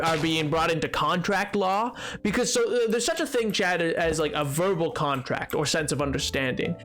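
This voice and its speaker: A man streams a game and chats casually with viewers, rambling and joking while repeatedly tripping over his words. His voice sits high and sounds a bit bright.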